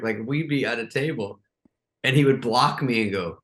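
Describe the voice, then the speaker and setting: A middle-aged man, a guest on a talk show, telling stories in a relaxed, chatty way and jumping into higher voices to act out what others said. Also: brisk. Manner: animated, acts out quotes in raised voices. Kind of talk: casual interview storytelling.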